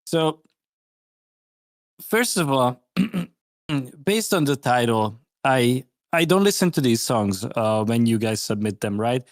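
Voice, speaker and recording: A man's voice: mid-range voice, lively intonation, slow, no room sound, studio quality. A man guesting on a live stream to review tracks, chatting casually in an amused, rambling way with restarted sentences.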